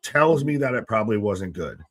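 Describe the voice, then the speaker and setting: A man's voice: fairly low pitch, expressive, a little fast, fairly bright tone, no echo, studio quality. A man co-hosting a live wrestling reaction stream, chatting casually, joking and arguing his points. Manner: playful, argues points and jokes along.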